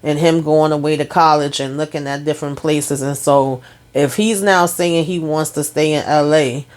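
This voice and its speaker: A woman's voice: low voice, fairly even intonation, moderate pace, darkish tone. A woman hosting a casual TV episode recap, chatty and talking straight to her viewers. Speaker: TV recap host.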